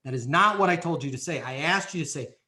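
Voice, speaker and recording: On a podcast, a male guest with a pushed, bright voice on the high side talks fast while teaching the steps of leasing sales. His coaching is emphatic and hands-on, and he acts out role-play examples.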